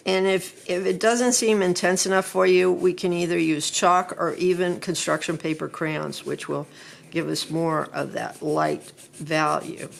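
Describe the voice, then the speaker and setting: Middle-aged woman art teacher: low, a bit gravelly, relaxed classroom chat while she draws. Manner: chatty, unhurried, thinks aloud while drawing. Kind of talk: drawing lesson talk.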